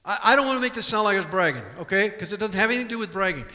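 A male pastor delivers a sermon with a high, bright, ringing voice. He repeats words as he goes and checks in with the congregation. The live recording carries a long hall reverb from the church. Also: rapid-fire. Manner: animated preaching with repeated words and audience questions. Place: church sanctuary.

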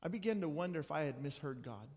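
High-voiced pastor preaching in a reverberant church. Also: male voice, expressive, quick pace. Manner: earnest, conversational, with frequent restarts. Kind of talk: sermon with personal storytelling. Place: church sanctuary. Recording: long church hall reverb.

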